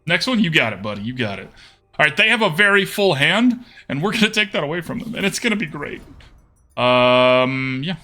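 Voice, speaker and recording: A man's voice: on the high side, big pitch swings, a little fast, bright, forceful tone. A man streaming a card game, thinking aloud about his plays and chatting casually with viewers.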